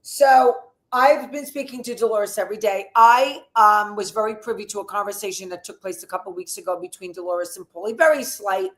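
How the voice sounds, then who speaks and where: A woman's voice: mid-range voice, a little fast, few pauses. A woman co-hosting a casual gossip livestream, telling stories in detail and acting out what people said. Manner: lively storyteller, acting out quoted dialogue. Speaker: co-host. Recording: echoey room.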